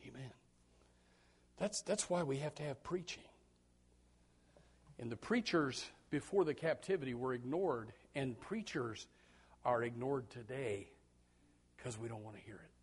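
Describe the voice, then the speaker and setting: A man preaching a sermon in a folksy, joking way, dropping to quiet asides and then breaking into loud shouted bursts, often repeating words as he starts a thought. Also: mid-range voice, expressive, measured pace, pauses often, breathy edge. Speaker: pastor.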